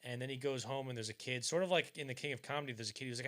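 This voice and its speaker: A man's voice: medium pitch, very fast, a bit bright. A man hosting a podcast, chatting casually about movies, often stumbling and restarting, acting out lines from scenes. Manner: rambling, stumbles and restarts, acts out quotes. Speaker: podcast host. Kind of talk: casual film discussion.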